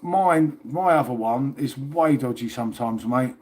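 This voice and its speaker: A man's voice: mid-range voice, measured pace, a little mellow. A man hosting a casual livestream, chatting and rambling to viewers and swearing now and then. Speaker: livestream host.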